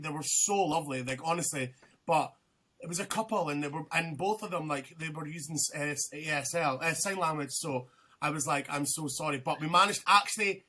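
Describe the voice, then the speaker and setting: A man's voice: on the high side, pushed and bright. A young man, a podcast guest, telling a rambling story in casual chat, swearing freely and restarting his sentences.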